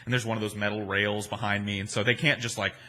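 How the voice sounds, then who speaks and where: A man's voice: fairly low pitch, little pitch movement, fast talker, pushed and bright. A man in his forties, a podcast host, telling stories and answering listener questions in a rambling, profane, self-deprecating way. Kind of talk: casual storytelling chat.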